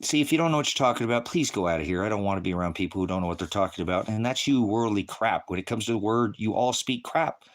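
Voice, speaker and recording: A man from the United States preaches on a livestream in a lowish voice, talking quickly with lively intonation and few pauses. He answers the chat combatively, insulting viewers, swearing, and rambling repetitively.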